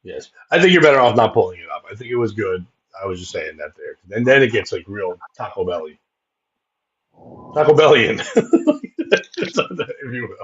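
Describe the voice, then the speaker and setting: A man's voice: fairly low pitch, big pitch swings, moderate pace, pauses often, slightly rough. A man hosting a comedy podcast, rambling and cursing, laughing often at his own bits. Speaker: podcast host. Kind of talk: casual comedic chat. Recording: dull lo-fi sound.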